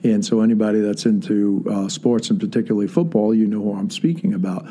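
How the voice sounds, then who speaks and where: A man's voice: lowish voice, fast talker, warm tone. A man telling a personal story in a casual, earnest way with many fillers. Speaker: guest storyteller.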